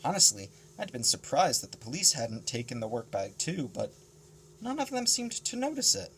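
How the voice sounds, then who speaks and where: A man reading a novel aloud in a casual, expressive first-person narration, moving between character voices. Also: a little high, normal speed, slight background noise. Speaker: audiobook reader.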